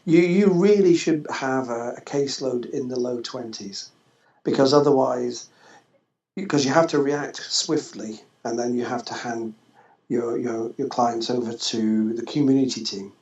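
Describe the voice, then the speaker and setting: Gravelly man telling his story haltingly. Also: medium pitch, a little mellow. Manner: halting, with frequent restarts and fillers. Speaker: interview guest, former social worker. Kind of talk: personal storytelling in an interview. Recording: echoey, slightly dull podcast audio.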